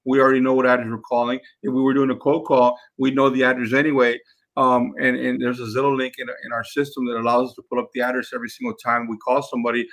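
Gravelly man teaching. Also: medium pitch, level tone, fast talker, a bit bright. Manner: emphatic, repeats himself, addresses listeners as guys. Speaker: podcast host and sales trainer. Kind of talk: instructional talk.

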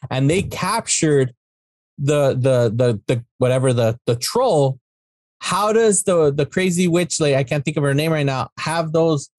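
A man with a high-pitched voice chats loosely about a film, swearing often and slipping into quoted lines from the characters. The sound is dry and close, with no room around it. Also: unhurried, darkish tone, no room sound. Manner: rambling, profane, acts out characters' lines in quotes. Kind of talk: casual movie discussion.

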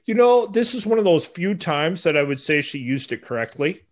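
A man with a somewhat higher voice argues his point in relaxed podcast talk. He works his thoughts out as he speaks and often restarts his sentences. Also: moderate pace. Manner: opinionated, thinks aloud, restarts. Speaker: podcast co-host. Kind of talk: casual chat.

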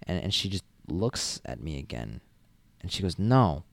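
A man's voice: rumbling low, expressive, moderate pace, vocal fry, a bit bright, no room sound. A young man from Massachusetts, a college student telling casual stories in a rambling, chatty way. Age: young adult. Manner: rambling, chatty, many fillers and restarts. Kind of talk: casual storytelling vlog.

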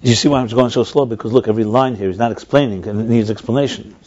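A man's voice: mid-range voice, fast talker, darkish tone. Man lecturing in a dull lo-fi recording. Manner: thinks aloud with frequent restarts; explanatory, asks and answers himself. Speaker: teacher. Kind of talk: text-study class lecture.

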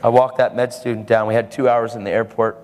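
A man's voice: mid-range voice, level tone, fast, a little mellow, big-room sound, slight background noise. A man preaching a sermon, telling a story and acting out the lines of the people in it.

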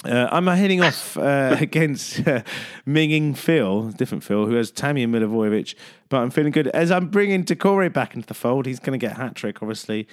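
On a casual radio sports chat, the male host keeps things jokey and upbeat, his pitch swinging in a lively way.

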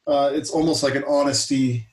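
A man in his thirties co-hosts a podcast, chatting casually in a rambling, hesitant way full of fillers. His medium-pitched voice is steady and a little fast, recorded slightly off-mic in an echoey room.

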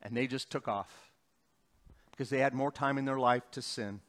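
Here a middle-aged pastor preaches with a medium-pitched, steady-toned voice, moving back and forth between booming emphatic moments and soft, slow sections.

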